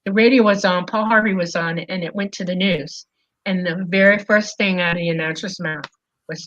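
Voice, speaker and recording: A woman telling a personal story in casual speech, animated and full of fillers. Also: fairly low pitch, normal speed, lo-fi sound. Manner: animated, lots of fillers and "okay?". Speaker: guest recounting an experience.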